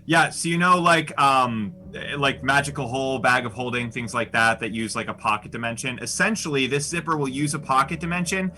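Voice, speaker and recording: A man playing a relaxed game master who asks for dice rolls, hesitating with lots of "uh.". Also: mid-range voice, fairly quick, hardly any pauses. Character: casual male tabletop game master.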